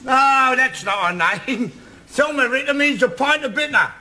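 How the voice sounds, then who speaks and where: An actor playing a cheery pub regular who keeps mishearing. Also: male voice, very high voice, animated, a little slow, pushed and bright, heavily acted. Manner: hearty, mishears. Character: cheery man mishearing everything.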